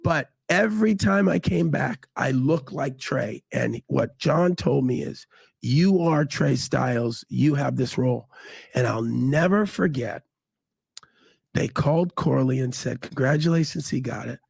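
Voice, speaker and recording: A middle-aged man telling stories in a casual interview, animated and acting out quotes. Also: unhurried, creaky, slightly rough, no echo. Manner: animated, acts out quotes with big pitch jumps. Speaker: guest.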